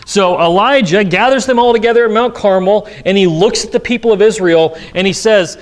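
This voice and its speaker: A man's voice: high voice, a little fast, few pauses. A pastor in a church sanctuary reading scripture aloud and then explaining it with emphasis in his sermon.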